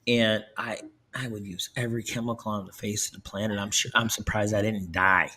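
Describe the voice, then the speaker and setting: A man from Buffalo, New York hosts a podcast with a bright, forward voice. His talk is loose and jokey, full of teasing and self-mockery. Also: fairly low pitch, steady tone, a little fast. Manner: joking, teasing, self-mocking. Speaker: podcast host. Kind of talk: casual chat.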